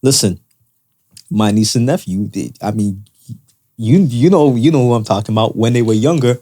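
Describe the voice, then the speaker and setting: A man's voice: mid-range voice, normal speed, dark tone. A man co-hosting a casual podcast chat, earnestly working through his points with frequent restarts. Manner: earnest, repeats words as he builds a point. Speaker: podcast co-host.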